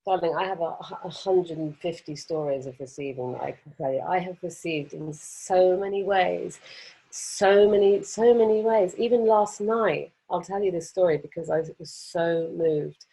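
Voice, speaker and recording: Woman, husky low voice, animated chatty storytelling, pokes fun at herself. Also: moderate pace, hardly any pauses. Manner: animated, expressive, self-mocking. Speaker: podcast guest. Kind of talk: conversational storytelling.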